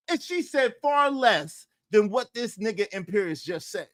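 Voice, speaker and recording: A middle-aged man, hosting a livestream and ranting in a confrontational way, repeating lines for emphasis and turning loud. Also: very high voice, very animated, brisk, dry recording, studio quality. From Brooklyn, New York. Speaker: livestream host. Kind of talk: heated livestream rant.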